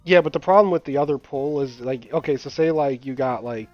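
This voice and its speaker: A man's voice: fairly high pitch, fairly quick, dry recording. A young man chatting casually while playing a game, rambling with lots of fillers, swearing and laughing as he tells stories. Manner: rambling, filler-heavy, profane, laughing storyteller. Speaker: gaming channel host. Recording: dull lo-fi mic, dry, game music behind.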